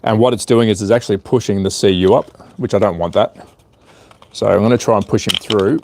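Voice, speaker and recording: A man's voice: on the low side, fairly quick, darkish tone, slight background noise. A man chatting casually on a live stream while repairing a small device, muttering to himself as he works. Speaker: hobby livestreamer.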